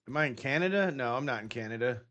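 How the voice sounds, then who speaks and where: A man from Texas talks loosely as he plays, tossing jokes to his viewers and grumbling to himself between tasks. His voice sits at an ordinary middle pitch, relaxed and conversational. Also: fast, muffled recording. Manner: joking, muttering to himself while playing. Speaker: game streamer. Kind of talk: casual gameplay chat with chat.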